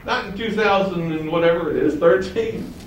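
A man's voice: sits high, normal speed, roomy sound, far from the mic, muffled recording, slight background noise. A man preaching a sermon, teaching with rhetorical questions and asking his congregation to follow along. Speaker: pastor.

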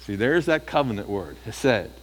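A man's voice: fairly low pitch, big pitch swings, moderate pace, long reverb tail. A male preacher giving a sermon, often asking the listeners rhetorical questions.

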